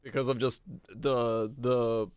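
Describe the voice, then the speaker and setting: A male streamer chatting casually with his viewers in a relaxed, rambling way, his deep voice supported from the diaphragm. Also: slow pace, clear, resonant tone, no room sound. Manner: rambling and relaxed, with frequent restarts.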